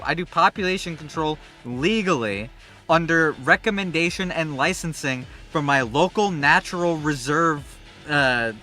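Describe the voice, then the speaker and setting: Bright-voiced young man, rambling stream chat. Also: fairly high pitch, normal speed, soft background music. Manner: rambling, animated, swears freely. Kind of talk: casual chat while gaming.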